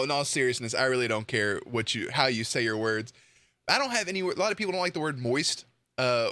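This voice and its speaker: A man's voice: medium pitch, pushed and bright, dry recording. A young man giving casual, blunt reaction commentary to a video, swearing freely and joking.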